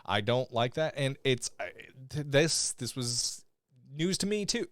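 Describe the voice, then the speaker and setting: A man's voice: mid-range voice, big pitch swings, a little slow, dry recording. A young man co-hosting a podcast, chatting casually and animatedly, swearing freely and acting out quoted lines. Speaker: podcast co-host. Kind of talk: casual chat reviewing a TV episode.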